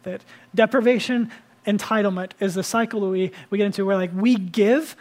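A man preaching a sermon as the church's teaching pastor, earnest, building to emphatic peaks and dropping to soft asides. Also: high-pitched, fairly even intonation, brisk.

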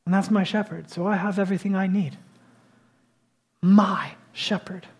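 A man's voice: high voice, steady tone, fast talker, darkish tone, breathy edge. A male pastor preaching a sermon to his congregation, speaking conversationally and building to emphatic bursts.

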